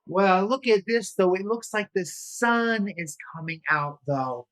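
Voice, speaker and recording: A man's voice: sits high, expressive, a little slow, few pauses, fairly bright tone. A man leading a children's yoga storytime, playful and encouraging, with little sound effects along the way. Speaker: kids' yoga instructor.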